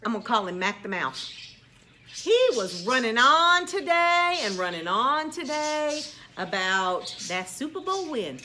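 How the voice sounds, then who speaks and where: Middle-aged teacher woman, chatty storyteller, bright and sharp tone, lively swoops. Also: fairly high pitch, unhurried, slight background noise. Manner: chatty, animated storytelling with quoted voices. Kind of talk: casual vlog monologue.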